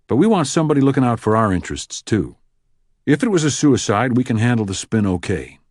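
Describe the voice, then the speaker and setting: A man voicing a gruff, sarcastic FBI supervisor in an audiobook, brisk and clipped. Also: medium pitch, big pitch swings, darkish tone, no room sound, studio quality, pitched above the performer's own voice. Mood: sardonic. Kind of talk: audiobook character voice.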